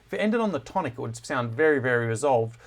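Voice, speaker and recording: A man giving a relaxed music lesson, with many filler words and self-deprecating asides. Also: medium pitch, quick pace. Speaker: music teacher. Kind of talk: casual classroom lesson on music analysis.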